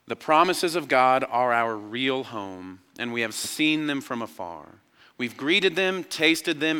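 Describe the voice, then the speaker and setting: A man in his thirties preaching a sermon, telling a personal story, swinging from excited emphasis down to quiet, hushed lines. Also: mid-range voice, clean tone, in a large hall. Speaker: pastor.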